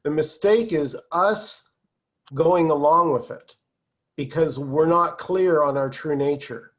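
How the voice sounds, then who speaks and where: A man leading a spiritual satsang over a video call, in a calm, conversational way with easy laughs. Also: on the high side, slow, muffled recording. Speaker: satsang teacher.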